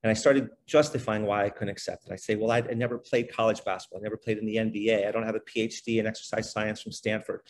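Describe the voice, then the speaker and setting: A middle-aged man, a guest on a podcast, telling his life story in a relaxed, conversational way, filling his speech with "you know" and "like". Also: on the low side, a little hiss or hum. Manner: animated, fast-flowing, many fillers like "you know" and "like". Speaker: podcast guest, basketball trainer.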